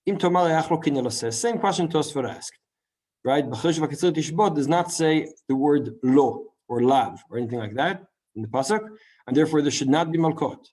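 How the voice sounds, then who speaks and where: A man teaching a Talmud class in a lively lecture style, full of rhetorical questions and quick asides. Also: fairly high pitch. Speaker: Torah teacher.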